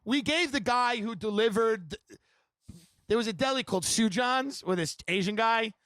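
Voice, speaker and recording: A man hosting a podcast, telling comedic stories in an animated, rambling way and laughing between lines. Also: very high voice, moderate pace, no echo. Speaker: podcast host. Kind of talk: comedic storytelling.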